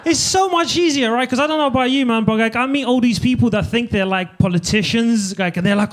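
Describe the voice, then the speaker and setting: A young stand-up comedian from Eastern Europe with a strikingly high-pitched voice, chatting to a club crowd in a loose, profane banter. He speaks into a handheld stage mic. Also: brisk, few pauses.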